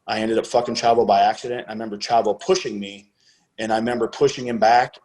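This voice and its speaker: A man's voice: lowish voice, fairly even intonation, fast talker, darkish tone. A man guest on a podcast interview, retelling past events in a casual, profane way and acting out the dialogue as he goes. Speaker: podcast guest, former wrestler.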